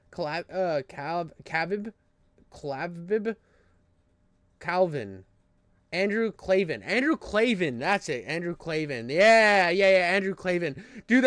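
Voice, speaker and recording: A man's voice: high-pitched, fairly bright tone, clear, resonant tone, no echo. A man streaming casual chat, rambling and swearing and calling everyone dude.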